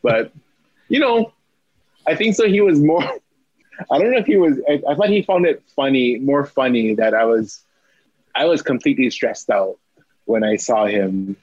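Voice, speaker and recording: A young man with a husky, slightly breathy voice tells a story about himself, jumping up into frantic acted-out lines and stumbling over repeated words. The sound is dry and a little dull, close to the mic with no room around it. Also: medium pitch, expressive, normal speed, pauses often, no room sound. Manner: acts out his own panicked quotes, stammering repeats. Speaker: athletic trainer guest. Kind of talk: animated storytelling.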